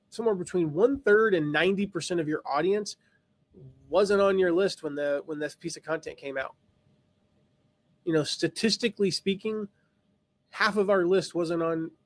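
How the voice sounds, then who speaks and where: A man hosting a live online lesson, talking through ideas with many restarts. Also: high-pitched. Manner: rambling, thinks aloud with many restarts. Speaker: host.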